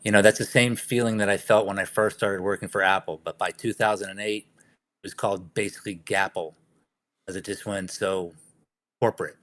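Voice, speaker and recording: Low-voiced man, dry close sound. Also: fairly even intonation, brisk, a bit bright, no room sound. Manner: rambling, filler-heavy recollection. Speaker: guest investor. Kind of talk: casual chat.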